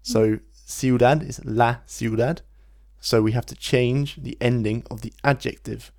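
Man, language teacher, patient explanations, slows down for example phrases. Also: medium pitch, steady tone, gravelly, darkish tone. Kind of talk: relaxed podcast-style language lesson.

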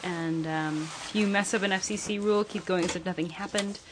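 A woman's voice: lowish voice, fairly even intonation, fairly quick, slight background noise. A young woman hosting a radio show, chatting casually and briefing guests before air, with a lot of "like" in her talk. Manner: chatty, says "like" often.

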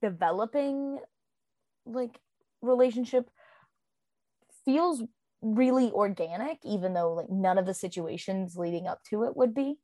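A woman's voice: medium pitch, a little slow, pauses often, mellow, dry recording. A woman co-hosting a podcast, chatting casually about a book, rambling with many fillers. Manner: rambling, full of "um" and "like". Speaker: podcast co-host.

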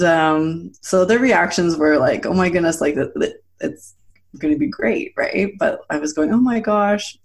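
A woman in her thirties, telling a personal story in a casual chat, animated and laughing often as she acts out quotes. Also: on the low side, gravelly. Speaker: guest.

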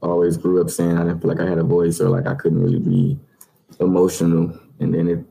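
A man with a very low voice chatting in a casual group. He talks in a relaxed, halting way, with plenty of fillers as he searches for words. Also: creaky. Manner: laid-back, halting, many fillers.

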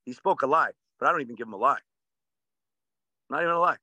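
Intense, bright-voiced man, swearing freely. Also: mid-range voice, lively intonation, fast talker, dry recording. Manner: intense, profane, motivational. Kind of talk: casual podcast talk.

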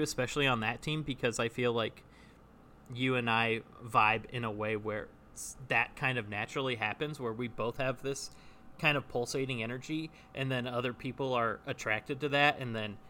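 Co-hosting a casual podcast about improv, a man chats enthusiastically and restarts often. His voice is medium-pitched with a sharp tone, and there's slight background noise.

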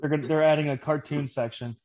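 A man's voice: on the high side, fairly even intonation, fast talker, heavy background noise. Young male co-host, dry teasing humor, slightly dull mic. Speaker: podcast co-host. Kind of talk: casual chat.

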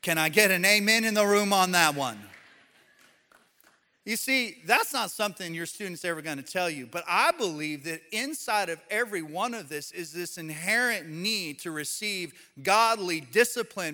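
A man preaching a sermon, an animated storyteller who speaks straight to his congregation. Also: sits high, normal speed. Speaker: pastor.

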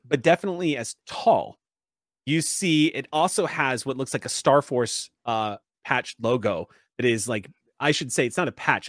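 A man runs a tabletop game, describing scenes in a loose, rambling way. His voice sits at a middle pitch, recorded dry and close. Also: a bit bright, no echo. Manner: descriptive, rambling, laughs often. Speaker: game master.

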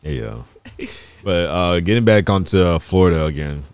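A man's voice: low-pitched, moderate pace, vocal fry, a little mellow, smooth, no echo. A man co-hosting a podcast in a laid-back, casual way, steering the talk back to the topic. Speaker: podcast co-host. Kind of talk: casual chat.

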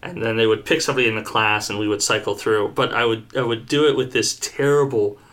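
Bright-voiced animated male trainer. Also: on the low side, fast talker. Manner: animated storyteller, laughs easily. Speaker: former customer service trainer. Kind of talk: casual podcast chat.

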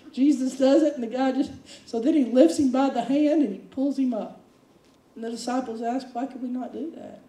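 A woman preaching a sermon, animated, acting out quotes with big swings of voice. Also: high-pitched, normal speed, roomy sound, far from the mic, poor audio. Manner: animated, dramatic quoting with voice swings.

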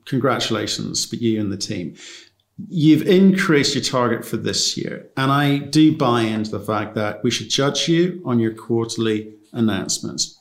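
Dry-voiced male interviewer, echoey room. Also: mid-range voice. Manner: dry, understated. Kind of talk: investor interview.

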